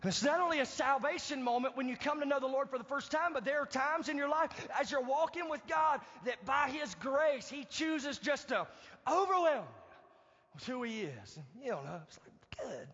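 A male pastor preaching a sermon, swinging from loud to hushed and acting out quoted pleas. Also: animated, normal speed. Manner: acts out quoted pleas in a higher voice. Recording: dull lo-fi sound, long hall reverb.

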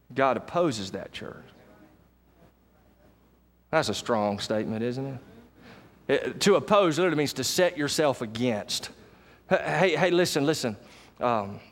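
A man preaching a sermon in a church, folksy and direct, calling out to the congregation and swinging between loud high passages and low murmurs. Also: long reverb tail. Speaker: pastor. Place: church sanctuary.

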